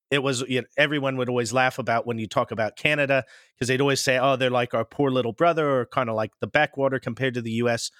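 A man's voice: mid-range voice, a bit bright, no echo, studio quality. A man from New Zealand with a New Zealand accent, telling stories as an interview guest in a rambling, anecdotal way. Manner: rambling, anecdotal, with many restarts. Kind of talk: casual interview chat.

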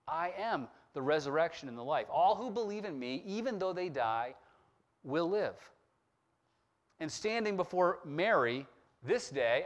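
Man preaching with lively, rising pitch. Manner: expressive preaching, slowing down on scripture quotes. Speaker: pastor. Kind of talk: sermon.

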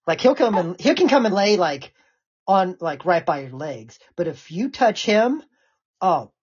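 A woman's voice: on the low side, very animated, unhurried, a little mellow, husky, lo-fi sound. A woman hosting a casual chat podcast, laid-back and laughing often. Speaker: podcast host.

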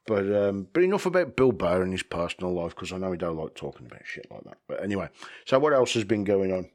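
A man's voice: low voice, very animated, quick pace, darkish tone. A man hosting a podcast, rambling casually, swearing freely and chuckling often. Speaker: podcast host.

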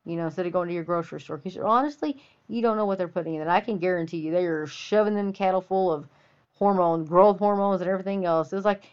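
A woman's voice: fairly low pitch, clean tone. A woman from the Texas Panhandle, hosting an opinionated monologue with a folksy, preachy and emphatic delivery. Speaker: podcast host. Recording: dull lo-fi audio.

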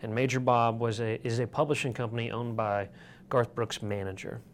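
A man's voice: medium pitch, steady tone, normal speed, slight background noise. Rambling male interview guest. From Michigan, USA. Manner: rambling, with filler words and restarts. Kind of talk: casual storytelling.

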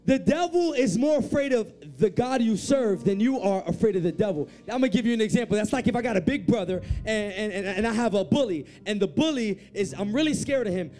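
A man preaching and telling his testimony as a story, dropping to a hush and then rising loud and animated. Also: high voice. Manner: swings from hushed to loud and animated. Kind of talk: sermon storytelling.

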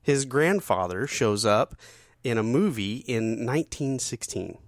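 A man's voice: medium pitch, lively intonation, unhurried, no room sound, clean studio sound. A man co-hosting a podcast, jokey and reading out trivia in casual chat. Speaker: podcast co-host.

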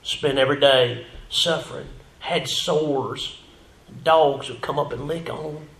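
A male pastor preaching a sermon in a church, rising to loud emphatic passages and dropping to near whispers. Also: mid-range voice, steady tone, a little slow, creaky, reverberant. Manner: fervent preaching, swells loud then drops to a whisper. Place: church sanctuary.

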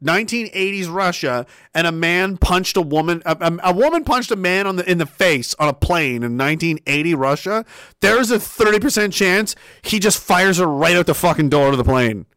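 A lively male streamer with a somewhat high voice, swinging in pitch as he jokes, laughs and swears through casual live-stream commentary. He often drops to quiet mutters. The sound is dry and close to the mic. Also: moderate pace, dry recording. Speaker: livestreamer.

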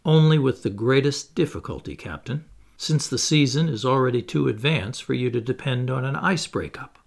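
A man's voice: medium pitch, normal speed, gravelly. A man reading as a skeptical, sarcastic professor. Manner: sarcastic, then eager exclamations. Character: skeptical male professor, excitable.

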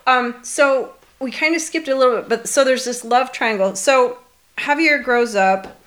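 A woman's voice: sits high, moderate pace, a bit bright. Chatty woman recapping a movie plot. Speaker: podcast co-host. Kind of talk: casual movie discussion.

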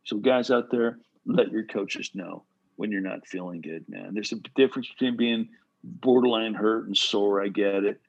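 A man who played pro baseball giving casual, animated advice to pitchers, full of "bro" and "right?". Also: normal speed, vocal fry, husky, highs cut off. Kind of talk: casual coaching talk.

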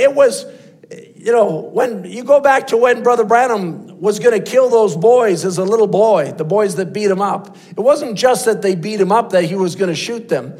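Male preacher, high voice, impassioned sermon storytelling, repeats and restarts. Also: darkish tone.

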